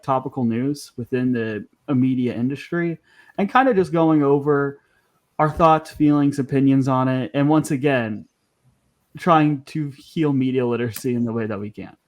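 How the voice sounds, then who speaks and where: A man's voice: medium pitch, normal speed, darkish tone. A man hosting a podcast, talking casually and chattily, with frequent ums and restarts. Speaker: podcast host.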